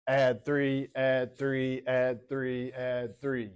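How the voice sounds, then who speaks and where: A man's voice: mid-range voice, completely flat delivery, drawn-out words, few pauses, clear, resonant tone. A man teaching a math class in a classroom, talking casually, calling on students by name and repeating himself. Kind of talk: classroom lecture.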